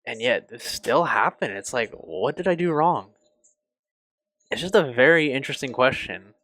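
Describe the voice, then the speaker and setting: A young man reviewing a TV show on his channel, emotional and halting, swearing often and restarting his sentences. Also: mid-range voice, lively intonation, a bit bright, dry recording. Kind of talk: casual review.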